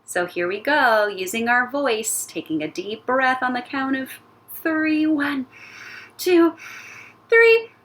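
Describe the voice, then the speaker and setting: A woman teaching an elementary music class, guiding young children through a playful warm-up with sing-song sound effects. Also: on the high side, measured pace, slight background noise. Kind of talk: recorded lesson for young children.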